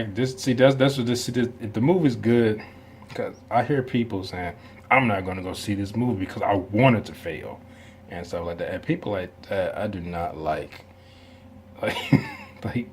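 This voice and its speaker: A man's voice: low voice, a little mellow, slight background noise. A man hosting a reaction video, talking in a casual, rambling way with many asides and some laughs.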